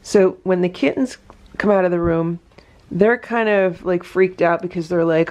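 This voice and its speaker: A woman's voice: on the low side, moderate pace, darkish tone. A woman vlogging casually at home about her rescue cats, explaining what they do and talking sweetly to them. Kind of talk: casual narration to camera. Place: home indoors.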